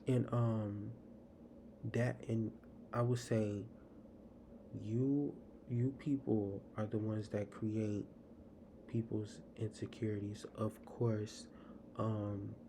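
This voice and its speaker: A man's voice: on the low side, level tone, slow pace, long pauses, dark tone. Rambling young man on a noisy stream. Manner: rambling, casual, fillers and restarts. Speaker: podcast host. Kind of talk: solo podcast monologue. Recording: noisy live stream audio.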